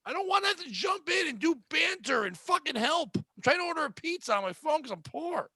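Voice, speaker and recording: A man in his forties with a very high, bright voice rants through a comedy podcast story. His pitch swings widely as he curses, grumbles and builds to exasperated outbursts. The sound is close and dry. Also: sing-song, brisk, vocal fry, dry recording. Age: 40s. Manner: profane, ranting, exasperated storyteller. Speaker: podcast co-host.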